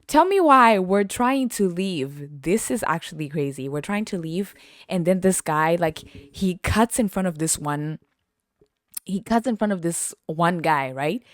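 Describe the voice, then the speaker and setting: A young woman from western Canada, hosting a podcast and telling a story in an animated way, laughing often and acting out what people said. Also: lowish voice, measured pace, no room sound. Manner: animated, laughs often, heavy use of "like", acts out quotes. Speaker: podcast host. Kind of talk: casual storytelling.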